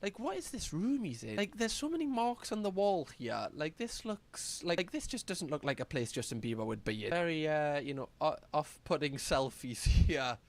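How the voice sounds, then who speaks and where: Young streamer guy, slightly high voice, bouncy and chatty. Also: big pitch swings, normal speed, hardly any pauses. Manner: chatty, reads posts aloud with frequent likes and laughs. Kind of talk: casual reaction commentary.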